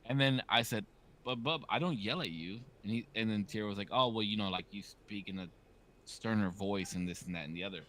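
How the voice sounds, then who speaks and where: A man's voice: lowish voice, fairly quick. A man in his thirties hosting a podcast, chatting casually and acting out stories with quoted dialogue. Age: 30s. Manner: animated storyteller, acts out quoted dialogue. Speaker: podcast host. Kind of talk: casual chat.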